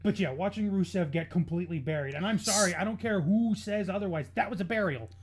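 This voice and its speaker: A man's voice: high-pitched, fast talker, breathy edge. A man on a wrestling podcast, ranting in casual, profane chat.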